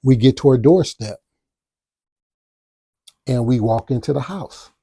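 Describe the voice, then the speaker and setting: Gravelly-voiced man telling a story. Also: mid-range voice, a little slow, no echo, studio quality. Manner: animated, with spoken sound effects. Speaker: podcast host. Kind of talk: casual storytelling.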